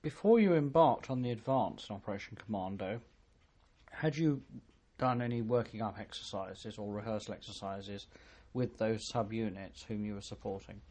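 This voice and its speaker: Formal male interviewer, low voice. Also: moderate pace, darkish tone. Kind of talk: oral history interview.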